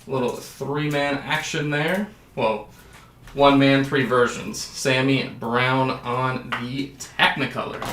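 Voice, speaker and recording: A man's voice: medium pitch, bright, forceful tone, reverberant. A man hosting a sports card break, calling out each card and adding jokey asides. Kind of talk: casual card-opening commentary.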